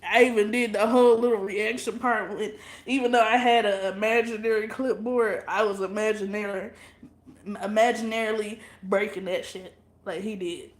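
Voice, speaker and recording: A woman's voice: mid-range voice, steady tone, moderate pace. Blunt, profane woman in an echoey room. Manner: blunt, profane, laughs often. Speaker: livestream vlogger. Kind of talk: casual livestream chat with viewers.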